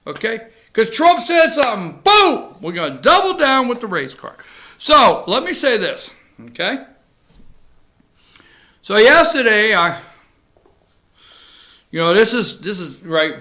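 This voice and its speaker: A man hosting a talk show, giving animated, sarcastic commentary with asides to his producer. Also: sits high. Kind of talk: casual commentary.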